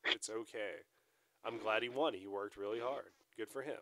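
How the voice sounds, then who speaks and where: A man's voice: lowish voice, moderate pace. A man co-hosting a podcast in casual chat, swearing freely and acting out what others said in a raised voice. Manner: animated, swears a lot, acts out quotes in a raised voice. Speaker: podcast co-host.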